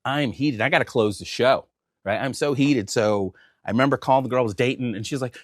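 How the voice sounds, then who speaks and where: A man, a comedian and guest, telling a story in a casual, animated way. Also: medium pitch, fast talker, no echo, clean studio sound. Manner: animated, lively.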